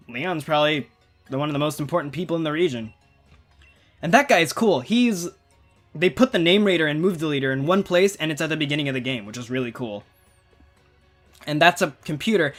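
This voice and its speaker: A man chats loosely over a playthrough, trailing off and circling back as he goes. His voice sits a touch higher than most men's. Faint game music plays softly behind him. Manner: rambling, chatty, self-interrupting. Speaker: gaming channel host. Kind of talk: casual gameplay commentary.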